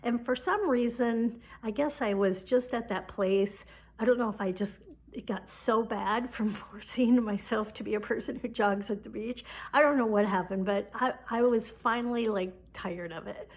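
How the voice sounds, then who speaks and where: A woman's voice: on the high side, moderate pace. A woman casually recounting a personal story, chatty and loose, acting out quoted exchanges and often saying "like". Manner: casual, chatty retelling with quoted dialogue and frequent "like". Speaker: spiritual coach.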